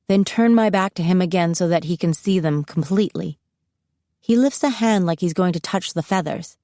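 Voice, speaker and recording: A woman's voice: fairly low pitch, dark tone, no echo. A woman narrating a first-person audiobook in an intimate, confiding manner, close to the mic.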